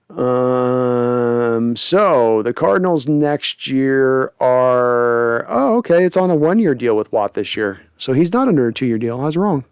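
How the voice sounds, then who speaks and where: A man hosting a casual sports livestream, reading out viewer comments with animated, joking chat. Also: mid-range voice, a little slow, clean tone, no room sound. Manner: animated, jokey, reads chat aloud. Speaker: host.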